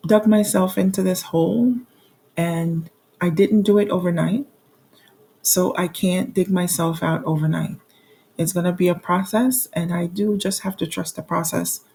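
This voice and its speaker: Candid mellow-voiced woman in her forties. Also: fairly low pitch, vocal fry. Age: 40s. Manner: candid, self-deprecating, laughs at her own troubles; reads out bill amounts with frequent restarts and fillers. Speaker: budgeting vlogger. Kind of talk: casual budget walkthrough.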